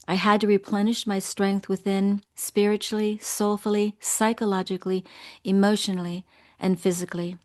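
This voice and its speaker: A woman in her sixties speaks as an interview guest, earnest and measured. She tells her own story with feeling at a steady middle pitch. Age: 60s. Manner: earnest, measured, emotional at times. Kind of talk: interview, personal account.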